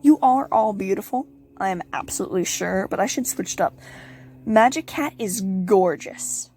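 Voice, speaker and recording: A woman's voice: medium pitch, animated, moderate pace, darkish tone, a little hiss or hum. A teenage girl hosting a casual question-and-answer vlog, bubbly and giggly, rambling with playful asides. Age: teens. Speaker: channel host.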